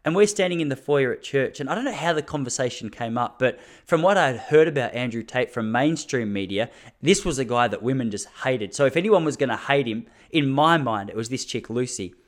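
Here an Australian podcast host in his thirties delivers a casual solo monologue in a medium-pitched voice with lively intonation. His pace is fairly quick, and he talks intensely, laughing between points.

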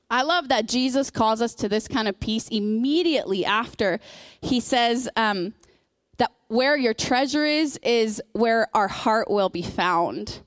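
A woman's voice: on the high side, no room sound, studio quality. A woman in her thirties preaching a sermon in a conversational way, telling personal stories with lots of fillers.

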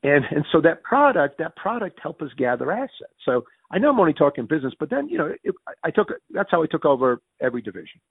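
This former mayor and finance executive, a man with a Yankee accent from the Northeastern US, spins rapid, excitable stories in conversation with a gravelly voice. He keeps restarting his sentences and performs quoted lines with sharp leaps in pitch. The sound is dry, close, and tinny like a phone.

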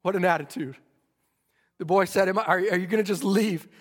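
A man's voice: sits high, fairly quick. A man preaching a fervent revival sermon, stammering into restarts and acting out the people in his story. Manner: fervent, stammering restarts, acts out quoted voices. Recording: long church reverb.

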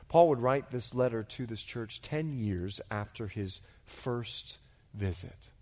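A middle-aged male pastor preaching a sermon as an animated storyteller, dropping to a hush and then rising to loud, excited bursts. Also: mid-range voice. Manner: animated storyteller, swings from hushed to shouting.

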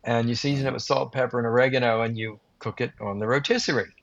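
Animated male storyteller, muffled dry sound. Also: medium pitch, quick pace, gravelly, no room sound. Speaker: podcast guest, grilling author. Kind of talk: anecdotal storytelling in an interview. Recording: slightly muffled dry recording.

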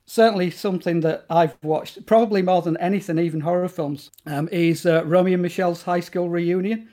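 A man's voice: high voice, steady tone, a little fast, warm tone. A man talking as a guest in a casual interview about horror films, enthusiastic and rambling, with plenty of fillers and restarts.

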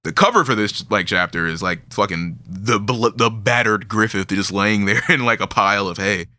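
Male podcast host: bright, dry-sounding voice, loose swearing banter with frequent laughs. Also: lowish voice, normal speed, dry recording. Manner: animated, swears constantly, laughs often. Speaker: podcast host recapping a manga. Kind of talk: casual chat.

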